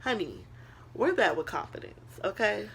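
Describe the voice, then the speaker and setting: A woman's voice: medium pitch, big pitch swings, moderate pace, creaky, slightly rough. A young woman vlogger in casual motivational talk to the camera, earnest and preachy, calling viewers girl and honey.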